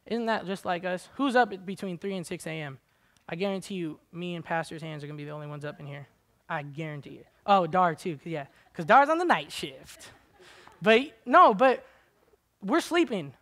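A man's voice: fairly high pitch, moderate pace, fairly bright tone. A man preaching a sermon in a church, talking in a casual, earnest, conversational way that turns impassioned.

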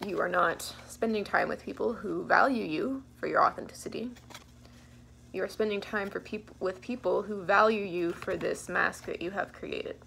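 Gravelly-voiced young woman reading tarot. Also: mid-range voice, normal speed, a bit bright, a little hiss or hum. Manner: laid-back, giggly, thinks aloud with fillers. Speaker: tarot reader. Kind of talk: casual pick-a-card tarot reading.

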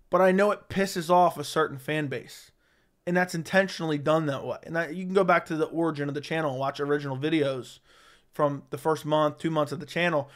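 A man's voice: a little high, fairly bright tone. A man chatting on a livestream in a blunt, outspoken way, his voice strained and worn from too much talking. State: strained, tiring voice. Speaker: MMA commentary streamer. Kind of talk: casual livestream chat.

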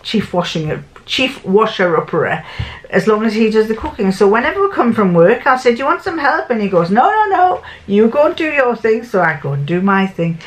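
A woman's voice: medium pitch, slight background noise. An older woman, chatting casually to camera as a sewing vlogger. She rambles and often restarts or corrects herself mid-sentence.

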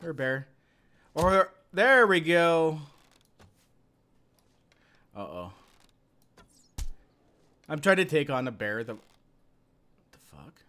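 A man's voice: a little high, extremely slow, pauses often. A young Canadian man streaming a survival game live, chatting casually and yelping and laughing when things go wrong. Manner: excitable, yelps and laughs in panic. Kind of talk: live gameplay commentary.

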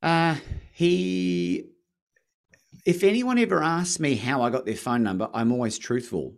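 A man from Australia with an Australian accent, a podcast guest telling his story in casual chat, lively and acting out phone calls. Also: on the high side, measured pace, gravelly. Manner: animated, acts out phone calls with rising excitement.

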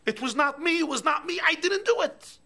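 A man doing a shrill, infuriated father. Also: wildly swooping pitch, moderate pace, vocal fry, breathy edge, exaggerated voice. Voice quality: shrill, shouting. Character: infuriated father, middle-aged man, indignant.

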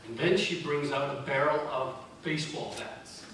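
High-voiced preacher in an echoey church. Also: male voice, steady tone, moderate pace, a bit bright. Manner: conversational, emphatic preaching with repeated phrases. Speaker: pastor. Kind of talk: sermon. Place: church sanctuary. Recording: very echoey church from a distance, faint noise.

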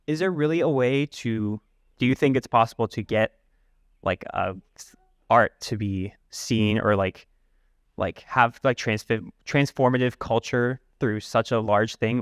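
A young man from the audience asking a panel a long, halting question filled with "like.". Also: on the low side, no room sound, clean studio sound.

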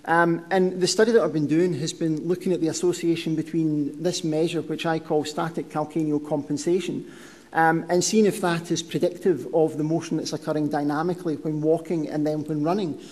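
A man's voice: fairly high pitch, level tone, fairly quick, a little mellow. A middle-aged man giving a conference lecture, explaining steadily with frequent ums and restarts. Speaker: podiatry researcher giving a lecture. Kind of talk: conference presentation. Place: lecture hall. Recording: reverberant lecture hall.

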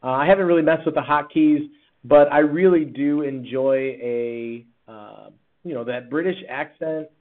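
A man, a teacher, talking casually through a screen-recorded software tutorial with lots of fillers and restarts. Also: on the high side, unhurried. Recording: tinny, phone-like sound.

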